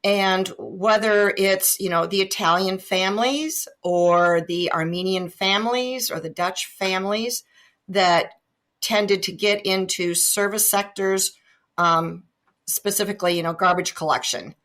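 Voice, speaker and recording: A woman from Iowa, a guest on a podcast, telling humorous anecdotes in a relaxed, chatty way over a remote connection. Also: medium pitch, measured pace. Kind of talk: casual storytelling interview. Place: remote call.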